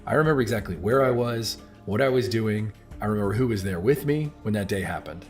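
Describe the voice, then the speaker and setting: A man's voice: fairly low pitch, fairly quick, soft background music. A man in his thirties giving earnest, scripted narration and asking the viewers questions directly. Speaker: video narrator.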